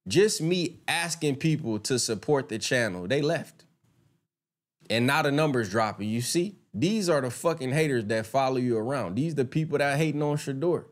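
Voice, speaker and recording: A man's voice: medium pitch, animated, moderate pace. A man doing casual live-stream commentary, talking straight to his viewers, swearing freely and getting heated and indignant when he rants.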